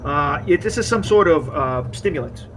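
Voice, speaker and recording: A game master narrating a tabletop game, halting often with fillers. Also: mid-range voice, lively intonation, background noise. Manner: hesitant, many fillers.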